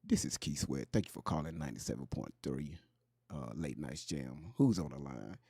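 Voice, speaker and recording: A smooth radio DJ croons deep and low into the mic at night. Every word comes out slow and hushed. The sound is dry and close. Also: male voice, expressive, no echo, heavily acted. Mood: crooning. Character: smooth late-night radio DJ man, an impression of a singer. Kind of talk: comic impression.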